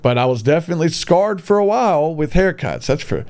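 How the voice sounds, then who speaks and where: A young man telling a personal story in a casual monologue, blunt and swearing freely, swinging between high exclamations and low mutters. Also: lively intonation, a little fast, darkish tone.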